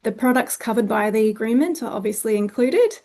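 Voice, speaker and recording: A woman's voice: a little high, expressive, a little fast, dark tone. A woman with an Australian accent presenting a conference session, speaking plainly with frequent ums and restarts. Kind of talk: presenting a webinar talk.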